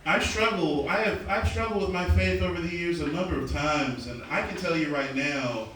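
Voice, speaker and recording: This Southern American comic has a fairly high voice and speaks at a normal speed, trading crude jokes and banter with the crowd during a live set at an underground club. The audio comes from a distant mic in an echoey room, with a loud crowd and slight background noise.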